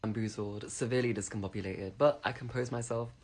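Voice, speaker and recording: A woman's voice: very deep voice, fairly even intonation, fast, a little mellow. A British woman telling a wry, indignant story about a party. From Britain. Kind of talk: casual storytelling.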